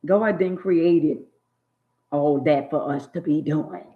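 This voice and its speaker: Older lady preaching at her viewers, slow and scolding, muffled phone-ish sound. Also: low-pitched. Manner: drawn-out emphatic words. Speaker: channel host. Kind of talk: opinionated monologue. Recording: dull lo-fi phone audio.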